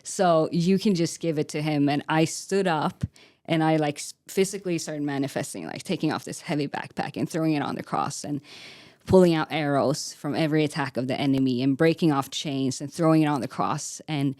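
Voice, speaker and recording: A woman's voice: sits low, brisk, darkish tone, no echo, studio quality. A young woman giving an earnest, candid personal faith testimony as a podcast guest, with frequent "like" fillers. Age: young adult.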